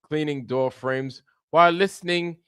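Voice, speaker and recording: A man's voice: a little high, unhurried, a bit bright, clear, resonant tone, dry recording, clean studio sound. A man hosting a casual livestream, greeting viewers by name in a loose, repetitive way with plenty of slang. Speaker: livestream host.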